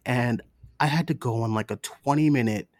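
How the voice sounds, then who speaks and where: A man's voice: medium pitch, moderate pace, dry recording, clean studio sound. A man co-hosting a movie podcast, chatting casually and acting out other people's voices as he tells stories. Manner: animated storyteller, acts out relatives' voices. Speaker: podcast co-host. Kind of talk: casual chat.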